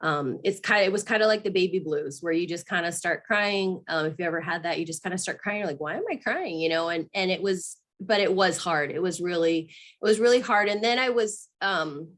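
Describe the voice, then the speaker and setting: Earnest woman with halting restarts. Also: on the low side, fairly bright tone. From Arizona, USA. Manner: earnest and emotional, halting restarts, laughs often. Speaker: guest, mother sharing her story. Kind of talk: candid interview talk.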